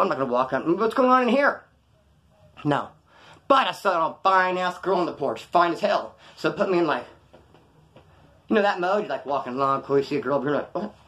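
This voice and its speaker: A man whose voice is fairly high and fairly bright tells the camera about something that happened to him. He keeps it loose, profane and slang-heavy, performing the voices of everyone in the tale.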